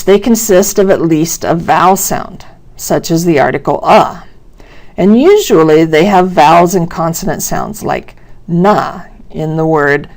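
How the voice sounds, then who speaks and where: Slow, deliberate woman teaching pronunciation. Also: on the low side, darkish tone. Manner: slow, deliberate, exaggerating sounds for demonstration. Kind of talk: instructional narration.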